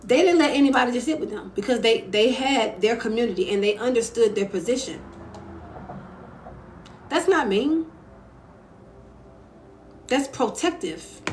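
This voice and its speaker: With a fairly high voice, she sounds animated yet unhurried, pausing often, and there's a little hiss or hum. She's a young woman hosting a casual home live stream, reading viewer comments aloud and giving candid, emphatic advice into her phone.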